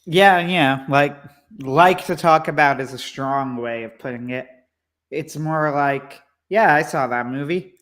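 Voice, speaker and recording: A man co-hosting a casual livestream chat, rambling and hesitant with lots of fillers, in a wry, low-key way. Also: measured pace, fairly bright tone. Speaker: co-host, movie commentator.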